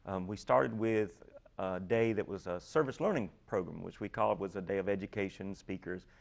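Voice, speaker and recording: A man explaining his ministry program as a guest in a talk show interview, earnest and steady, often repeating key phrases. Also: sits low, normal speed, creaky.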